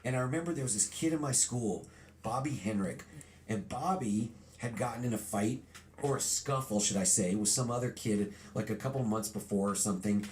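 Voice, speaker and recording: A middle-aged man being interviewed, telling a childhood story in a lively storytelling way and acting out remembered lines. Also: lowish voice, a little fast. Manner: animated storyteller, acts out quotes. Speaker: guest.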